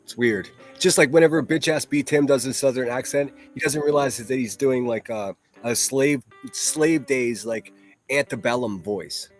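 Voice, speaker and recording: A man's voice: mid-range voice, normal speed, faint music behind. A man hosting a solo livestream, ranting in a profane, mocking and combative way. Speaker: livestream host.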